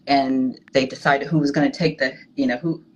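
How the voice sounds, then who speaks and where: A woman candidly telling a personal story in a halting way, often restarting her sentences. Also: very deep voice, steady tone, slight background noise, poor audio. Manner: halting, frank, with many restarts. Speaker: guest sharing a personal story.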